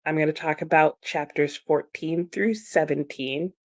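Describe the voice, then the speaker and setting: A woman hosting a casual book chat, animated and emphatic, with frequent "like" and laughter. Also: deep voice, measured pace. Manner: animated and emphatic, with repeated exclamations. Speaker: book livestream host.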